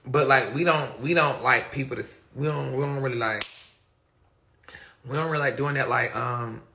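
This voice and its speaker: Woman live-stream host, sharp and bright in tone, profane, emphatic, chatty with viewers. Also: very deep voice, normal speed, slight background noise. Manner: rambling with many repeated fillers. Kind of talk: casual live-stream chat reading viewer comments. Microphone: phone or webcam on a live stream.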